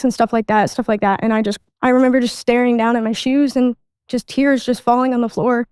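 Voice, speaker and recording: A woman's voice: on the high side, fairly even intonation, fairly quick, darkish tone, smooth, dry recording, studio quality. A woman guest recounting her childhood in casual conversational speech, with lots of "like" fillers. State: adult. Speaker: podcast guest. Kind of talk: personal storytelling.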